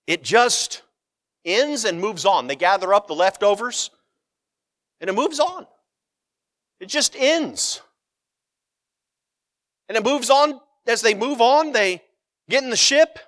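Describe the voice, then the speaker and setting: A man's voice: high-pitched, no room sound, clean studio sound. A man preaching a sermon, reading scripture aloud and retelling it with humor, acting out the quotes. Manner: animated storytelling, acts out quotes, finds scripture funny.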